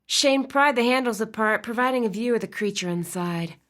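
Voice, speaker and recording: Woman, audiobook narration, expressive, softens in gentle passages. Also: a little high, fairly quick. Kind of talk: scripted narration.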